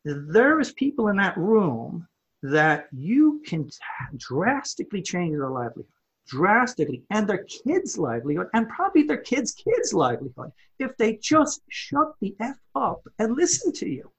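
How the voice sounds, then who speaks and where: His voice is high and husky, at a moderate pace, as this home improvement company owner tells a story on a podcast interview. The delivery is animated, with repeated words as he works up to the point.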